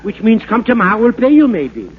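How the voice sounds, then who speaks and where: An actor playing a bumbling fake French professor, in rambling, stammering comic patter for a 1940s radio comedy. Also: male voice, sits high, wildly swooping pitch, fairly quick. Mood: mock-lecturing. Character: bumbling fake French professor, fast-talking huckster man. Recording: narrow-band scratchy 1940s radio broadcast.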